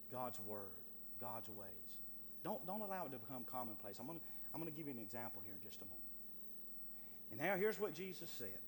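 Fervent preacher in a church hall. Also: male voice, fairly high pitch. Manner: builds from quiet to loud, fervent preaching. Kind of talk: sermon.

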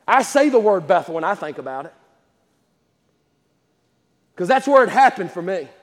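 A pastor preaching a sermon in a church, with impassioned delivery that swells into shouts. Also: male voice, high-pitched, very animated, moderate pace, long reverb tail. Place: church sanctuary.

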